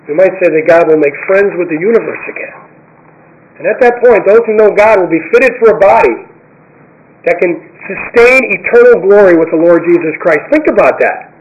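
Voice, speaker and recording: High-pitched guy preaching, leans hard on repeated phrases, kinda dull lo-fi recording. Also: animated. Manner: emphatic, repeats key phrases, slows for scripture. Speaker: pastor. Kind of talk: sermon.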